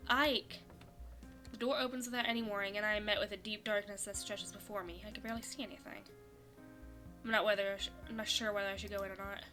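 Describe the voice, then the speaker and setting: A young woman with a mid-range voice streams a visual novel, reading the story and her character's lines aloud. She breaks into animated, laughing reactions as she comments on the game script.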